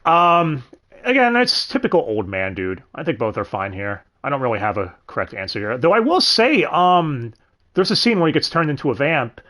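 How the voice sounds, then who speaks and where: A man's voice: on the high side, sing-song, moderate pace, bright, forceful tone. A young man hosting a livestream, rambling casually about dubs, swearing and correcting himself as he goes. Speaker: stream host.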